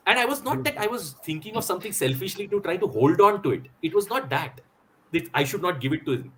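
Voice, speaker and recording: A man's voice: high-pitched, brisk. A man, talking in a casual chat and mixing in Hindi phrases. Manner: expressive, mixes in Hindi phrases.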